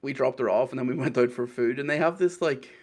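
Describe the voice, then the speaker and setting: A man's voice: mid-range voice, fast talker. A man with a Northern Irish accent telling a rambling story in casual podcast chat, laughing often. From Northern Ireland.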